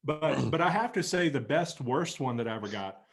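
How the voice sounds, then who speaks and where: A man's voice: medium pitch, lively intonation, brisk, gravelly, slightly rough. A man with an ordinary mid-range voice hosts a casual podcast chat. He sounds upbeat and playful, jokes with his co-hosts and keeps the conversation moving. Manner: upbeat, joking, steers the talk. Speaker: podcast co-host, pastor.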